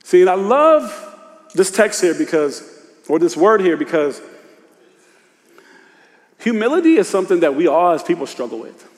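A man preaching a sermon in loose, casual speech, dropping to a hush and rising to shouts. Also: high voice, very animated, normal speed, long pauses. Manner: swings from hushed confession to shouted exhortation; informal Southern-tinged preacher speech, "y'all" and "ain't". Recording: long hall reverb.

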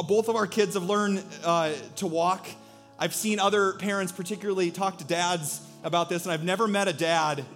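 A male pastor preaching a sermon, telling stories in an animated way and acting out quotes. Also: high-pitched.

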